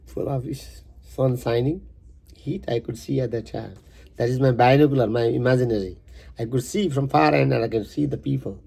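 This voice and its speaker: A man who is a poet, reading his poem verse by verse and stopping for halting, rambling asides. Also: medium pitch, vocal fry, dark tone, husky.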